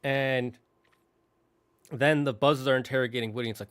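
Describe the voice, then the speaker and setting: A man's voice: medium pitch, steady tone, moderate pace, long pauses, fairly bright tone, clear, resonant tone, dry recording. A male host casually retelling a movie's plot, rambling with fillers and acting out the characters' lines. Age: adult, married. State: tearing up at times. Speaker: show host.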